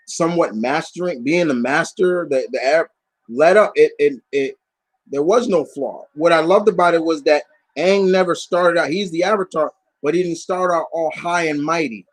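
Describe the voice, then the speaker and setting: A man hosting a casual live Q&A stream, answering viewer questions in an animated, swearing, ranting way. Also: on the high side, moderate pace, no echo, poor audio. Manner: animated, swearing, rants with voiced asides.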